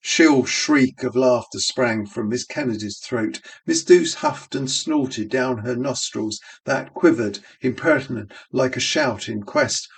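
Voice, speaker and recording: A man's voice: mid-range voice, a little slow, few pauses, far from the mic. A man reading a novel aloud with rhythmic, musical phrasing. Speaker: audiobook reader.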